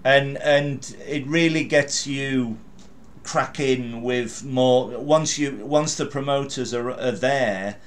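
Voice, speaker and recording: A man's voice: medium pitch, slow, slight background noise. A middle-aged man hosting a podcast interview, chatty and encouraging, with frequent fillers. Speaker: podcast host. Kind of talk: casual interview.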